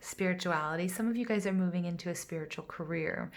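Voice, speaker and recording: A woman giving a casual tarot reading to her viewers, gushing and excitable, full of fillers and a little out of breath. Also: on the low side, quick pace, noisy background. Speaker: tarot reader.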